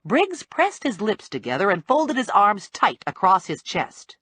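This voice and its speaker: A woman reading a first-person audiobook in a wry, brisk storytelling manner, on a close studio mic. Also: medium pitch, very animated, a bit bright, husky, dry recording. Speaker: audiobook narrator.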